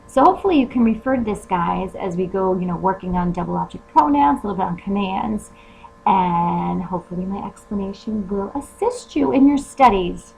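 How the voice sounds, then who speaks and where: A woman's voice: mid-range voice, lively intonation, normal speed, vocal fry, a little mellow, a little hiss or hum, rough recording. A woman teacher explaining Spanish grammar step by step in a recorded lesson, often asking rhetorical questions.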